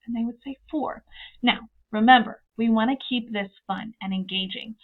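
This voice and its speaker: A woman's voice: on the high side, brisk, vocal fry. A woman teacher giving an upbeat, step-by-step video lesson, acting out her student dialogues as she goes. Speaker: teacher trainer. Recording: narrow phone-like sound.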